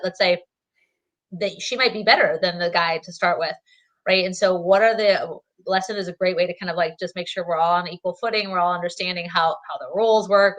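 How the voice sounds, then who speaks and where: A lower-voiced woman chats as a podcast guest. She talks casually and laughs often. She fills her speech with likes and you-knows. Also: a bit bright. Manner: chatty, laughs often, many fillers. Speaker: guest, therapist and co-author.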